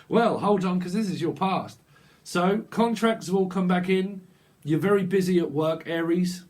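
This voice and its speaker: A man's voice: high voice, unhurried, a little mellow, a little hiss or hum. A man giving a casual, improvised tarot reading. He rambles playfully, chuckling and riffing on wordplay. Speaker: tarot reader.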